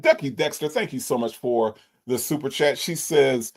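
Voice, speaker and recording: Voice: medium pitch, moderate pace, few pauses. A livestream host giving mocking, incredulous commentary and reading out viewers' super chats.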